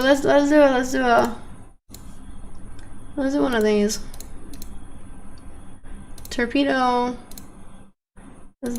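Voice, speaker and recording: A young woman streams a park-building game with a slightly high voice that carries a gravelly rasp. She talks to her viewers in a chatty, exasperated way, and faint noise sits under the recording. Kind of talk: casual gameplay commentary.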